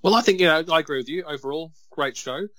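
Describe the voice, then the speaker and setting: A man, co-hosting a casual wrestling chat and telling stories in a chatty, animated way. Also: a little high, quick pace, no room sound. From Australia. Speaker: podcast co-host.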